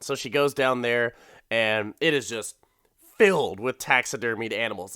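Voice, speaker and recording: Guy doing a comedy podcast recap, lots of laughing and cussing, bright clear voice, dry sound. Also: mid-range voice, normal speed, no room sound. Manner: laughing, swearing, acts out characters in put-on voices. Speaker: podcast host.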